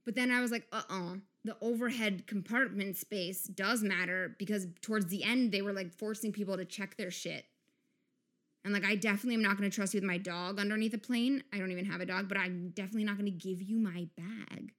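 A woman's voice: mid-range voice, fairly even intonation, fast. Woman, podcast host, casual comic rant, profane, sarcastic, mid-range voice. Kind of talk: casual comedic monologue.

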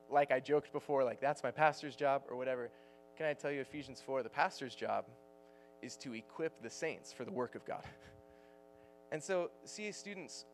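A man's voice: a little high, a little hiss or hum. A man in his thirties preaching a casual, joking sermon to students as their youth pastor, laughing often as he talks.

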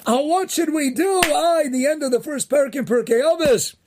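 A man with a strikingly high voice hosts a daily inspirational talk, mixing jokes with Torah teaching. His delivery is animated, and he punches his main points with near-shouts. He peppers his English with Yeshivish Hebrew terms. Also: a little fast, background noise.

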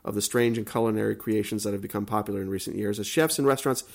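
A man's voice: lowish voice, racing, gravelly. A man hosting a casual podcast who reads odd news stories aloud and then drifts into offhand asides. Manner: reads in long runs, then trails off into asides. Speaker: podcast host. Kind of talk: casual chat, reading news items aloud.

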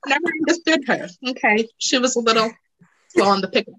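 A young woman in a laid-back podcast chat, her voice bright and a touch high. She talks with excitable energy and breaks into giggles easily. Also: poor audio. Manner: excitable, giggly, quick to laugh. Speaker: podcast co-host. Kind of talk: casual chat.

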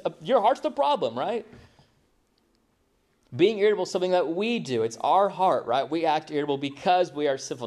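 Male pastor, middle-aged, a sermon with a slightly high voice, chatty, asks the room questions, mimics excuses. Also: a little mellow. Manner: conversational, asks the audience rhetorical questions; acts out quoted excuses in a mocking voice.

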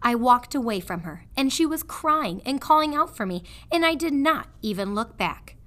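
A woman voicing a guilty, weepy middle-aged prisoner in a storybook read-aloud, pleading and plaintive with rough grammar. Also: sits high, animated, moderate pace, fairly bright tone, voice pushed up. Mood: remorseful.

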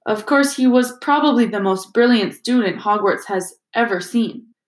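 A woman doing gentle old wizard Dumbledore. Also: a little high, normal speed, close to an everyday voice. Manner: gentle, calm, softly twinkling. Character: kindly, gentle old male wizard headmaster. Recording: roomy echo.

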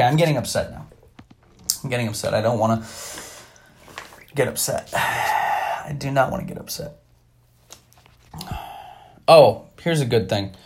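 A man hosting a comedy podcast, ranting with profanity and exasperation and shifting into mock-sincere irony, talking from a bathtub. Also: a little high. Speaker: podcast host. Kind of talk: comedic rant.

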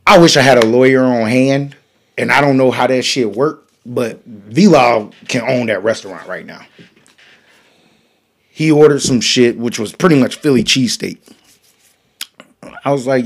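A man hosting a podcast, telling a profane story in a casual, animated way, swinging from loud bursts to hushed asides. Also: mid-range voice, a little slow, long pauses. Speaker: podcast host.

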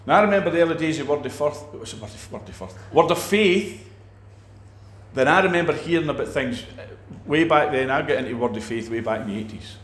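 A man teaching about faith in a relaxed talk, animated, acting out quoted people and restarting his sentences often. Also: mid-range voice, quick pace, hardly any pauses, roomy sound. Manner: animated, acts out quoted preachers, many restarts. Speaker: preacher.

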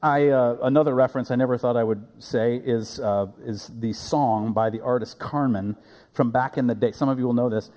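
A man preaching a sermon as a pastor, animated and playful, recorded in a church sanctuary. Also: mid-range voice, brisk, long reverb tail.

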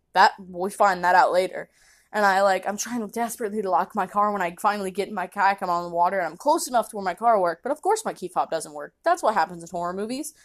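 A young woman from the United States, hosting a podcast from her kitchen, telling a story in a casual, animated way, laughing often and acting out what people said. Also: mid-range voice. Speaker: podcast host. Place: home kitchen.

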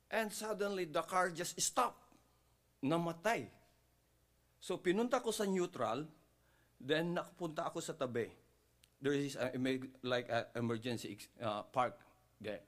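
A middle-aged Filipino man preaching a sermon, mixing English and Tagalog and acting out the people in his story with sudden high voices. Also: expressive, moderate pace, long pauses. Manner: switches between English and Tagalog, acts out dialogue with big pitch jumps. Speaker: pastor.

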